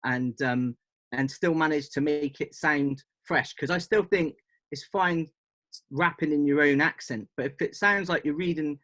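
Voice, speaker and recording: A man in his fifties from Bristol, an interview guest who talks in an easygoing, thoughtful way with many pauses and "um"s. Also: fairly high pitch, a bit bright. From Bristol, England. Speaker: interview guest, hip hop artist. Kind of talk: casual interview chat.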